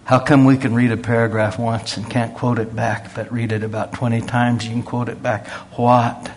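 A man's voice: medium pitch, little pitch movement, normal speed, a little mellow. A man, preaching a sermon in a folksy storytelling way. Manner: folksy storytelling with quoted voices.

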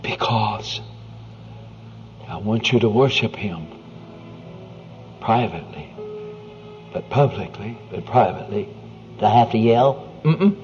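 A man preaching with a low-pitched voice, earnest and conversational, sinking into hushed near-whispers. The recording is dull and lo-fi, with faint music underneath. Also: slow, pauses often. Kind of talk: sermon.

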